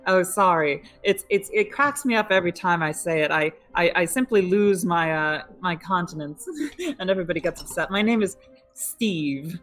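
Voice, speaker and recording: A woman's voice: lowish voice, normal speed, fairly bright tone, faint music behind. A woman running a tabletop game as game master, narrating in a chatty, hesitant way with many fillers.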